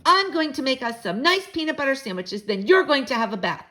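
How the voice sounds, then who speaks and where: A cheerful, boastful dad, as a woman reading a storybook puts him on, hearty and emphatic. He talks a bit higher and louder than a plain reading, with a lively swing. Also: fairly quick, a little hiss or hum, exaggerated voice. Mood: flustered. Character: cheerful, boastful father cooking for his kids.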